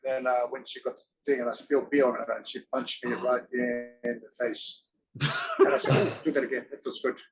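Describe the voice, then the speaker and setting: A man's voice: mid-range voice, flat delivery, normal speed, rough recording. A middle-aged man from Australia, an interview guest telling rambling anecdotes, laughing and acting out other people's lines.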